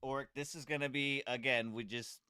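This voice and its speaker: A man hosting a podcast in casual chat, excitable and slangy, calling people "bro". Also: medium pitch, a little fast, smooth, dry recording, studio quality. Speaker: podcast host.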